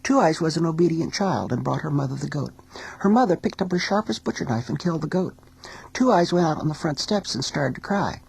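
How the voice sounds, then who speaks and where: A woman teacher telling a folk tale in a recording studio, as an expressive storyteller. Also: deep voice, gravelly, husky, low-quality recording. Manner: expressive storyteller, sings small refrains slowly.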